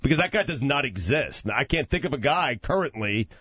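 A man's voice: medium pitch, lively intonation, brisk, a bit bright, breathy edge, no room sound, dull audio. A man co-hosting a sports radio show, chatting conversationally and reading plugs. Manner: conversational, reads sponsor plugs. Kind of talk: casual sports radio banter.

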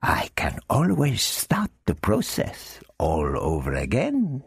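A man voicing a cunning, polite captor who speaks in a slow, silky, threatening way. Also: fairly low pitch, wildly swooping pitch, gravelly, breathy edge, no echo, pitched above the performer's own voice, full character voice. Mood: menacing.

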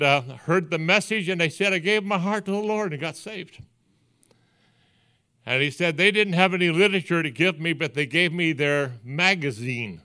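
An older man, a pastor, giving a sermon, telling stories in an earnest, folksy way that drops to hushed, quiet passages. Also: on the high side, clean tone. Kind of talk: sermon storytelling.

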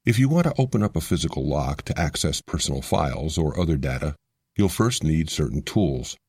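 A man reading a scripted explainer narration in a measured, explanatory way. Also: a bass voice, big pitch swings, darkish tone, slightly rough, no room sound.

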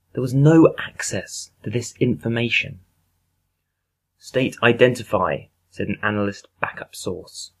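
A man reading a book passage aloud in a slow, deadpan way, halting through long lists of single words. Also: fairly low pitch, husky. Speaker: guest reader.

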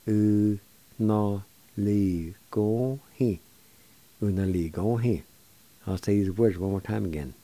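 An older man teaching words of his language on a radio show, slowly spelling and pronouncing each syllable with patient encouragement. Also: on the low side, dark tone, dry recording. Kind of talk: slow spelling and pronunciation lesson.

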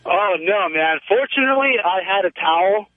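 Excited young man calling in by phone. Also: high voice, normal speed, no echo. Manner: rambling, excited, lots of "man" and "like". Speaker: caller. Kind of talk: phone-in storytelling. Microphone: telephone. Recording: tinny phone line, dry.

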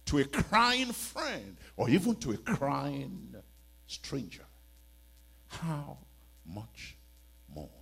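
A man preaching a church sermon as a bishop, pleading and emphatic, with many rhetorical questions. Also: mid-range voice.

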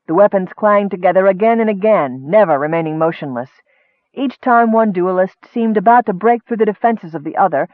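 A man reading a fantasy novel aloud in steady, measured narration. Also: sits high, no room sound. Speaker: audiobook narrator. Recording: thin phone-like dry sound.

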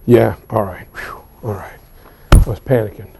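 A man teaching a history class, telling the story with lively asides and acted-out quotes. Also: on the low side, normal speed, vocal fry, noisy background. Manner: animated storytelling with pop-culture asides. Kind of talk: classroom lecture.

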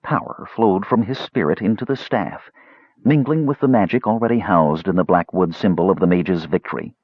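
A man reading a fantasy audiobook with a low, husky voice that rises and falls widely. The recording is dry and dull, with lo-fi muffle. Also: moderate pace, no echo. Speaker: audiobook narrator. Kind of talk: storybook narration.

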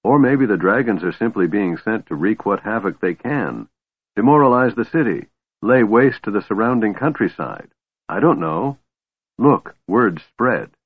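A man's voice: lowish voice, expressive, a little slow, breathy edge. A man voicing a weary, bitter young elf woman commander, sighing through her lines. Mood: tired resolve. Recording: tinny phone-like line, dry.

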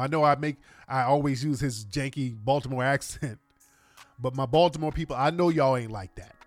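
A man hosting a casual livestream, talking in animated, slangy street talk to his viewers. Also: mid-range voice. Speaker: livestream host.

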